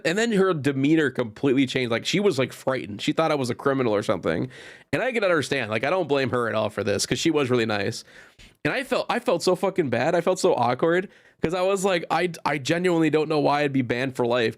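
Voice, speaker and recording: A man's voice: mid-range voice, no room sound, studio quality. A man in his thirties hosting a podcast, telling workplace stories in a rambling, self-interrupting way, swearing freely and laughing often. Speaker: podcast host. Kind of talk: casual storytelling monologue.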